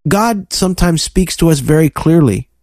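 A man co-hosting a faith podcast, preaching fervently and telling lively stories to his listeners. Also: fairly high pitch, normal speed, dry recording, clean studio sound. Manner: fervent, preachy, animated storytelling. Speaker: podcast co-host.

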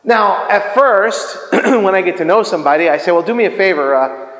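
A middle-aged man preaching in a lively, conversational way, cracking jokes and laughing along with his own stories. His voice sits high for a man. The sound rings with a long echo, as if it was picked up from across a church hall. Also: moderate pace. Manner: animated, chatty, jokes and laughs often. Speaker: pastor. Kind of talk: sermon.

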